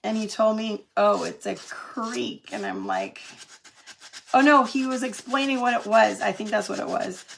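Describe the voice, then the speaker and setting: A woman's voice: a little high, sing-song, moderate pace, vocal fry, fairly bright tone, a little hiss or hum. A middle-aged woman from California chatting through a live craft demo, laughing often and answering viewer comments as she works. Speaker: craft demonstrator on a live stream.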